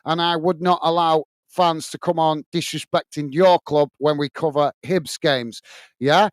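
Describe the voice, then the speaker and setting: A man with a high, smooth, clear voice, recorded close and dry. He calls the match play by play and reads viewers' messages aloud. When a viewer is rude he tells them off in a firm, straight way. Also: fairly even intonation, unhurried, dry recording. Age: adult. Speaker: watch-along host. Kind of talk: live match commentary and chat reading.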